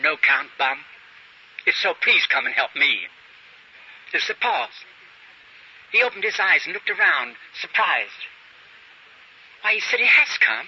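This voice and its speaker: Bright, lively old-time preacher. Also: male voice, sits high, breathy edge. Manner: storytelling, quoting characters in dialogue. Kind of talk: sermon. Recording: dull lo-fi archive recording with faint hiss.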